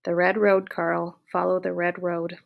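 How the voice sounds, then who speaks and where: Woman doing a big calm gentle man. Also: on the low side, unhurried, creaky. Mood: steady. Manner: plain, steady and reassuring.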